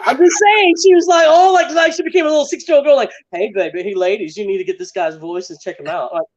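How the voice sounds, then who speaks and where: A man's voice: very high-pitched, fast, dull audio. A man joining a casual live stream as a guest, playful and teasing, turning earnest when he encourages someone.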